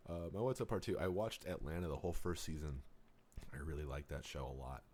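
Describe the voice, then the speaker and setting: Very deep-voiced young man, dry joker. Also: lively intonation, a little fast, darkish tone. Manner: dry, joking banter. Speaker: podcast co-host. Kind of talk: casual chat.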